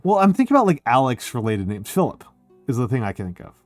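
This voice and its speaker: Male streamer, animated and swearing, dry close mic, soft music bed. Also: medium pitch, fast talker, dry recording. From United States. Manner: excitable, swearing, heavy filler words. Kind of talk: casual chat.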